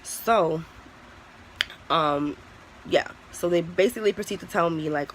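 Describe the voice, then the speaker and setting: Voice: medium pitch, unhurried, long pauses, slight background noise, rough recording. A young adult vlogger telling a personal story in a candid, profane, casual way, full of "like" and restarts. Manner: candid, profane, heavy use of "like".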